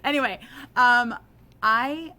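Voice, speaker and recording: A middle-aged woman teacher talking in an interview, animated and self-deprecating, growing impassioned as she makes her case. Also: a little high, slow pace.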